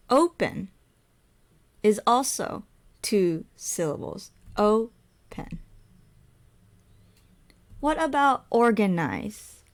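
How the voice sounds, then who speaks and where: Slow, patient woman teaching English. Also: mid-range voice. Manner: slow, patient, with repeated example words. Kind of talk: ESL lesson.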